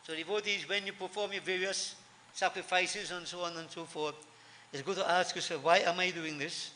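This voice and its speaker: A man's voice: high voice, bright, forceful tone. A man giving a sermon to devotees, earnest, repeating key lines for emphasis. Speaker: preacher. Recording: long hall reverb.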